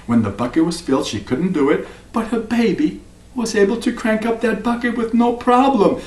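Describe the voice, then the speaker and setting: A man telling a folk tale to listeners in an expressive storytelling style. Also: high voice, moderate pace, a little hiss or hum. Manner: expressive, lively, sings refrains. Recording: roomy, mic at a distance.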